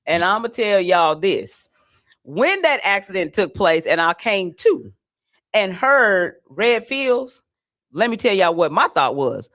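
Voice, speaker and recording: A woman co-hosting a community radio show, reading listener comments and giving shout-outs. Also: mid-range voice, sing-song, slow. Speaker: radio co-host. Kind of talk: casual radio talk show chat.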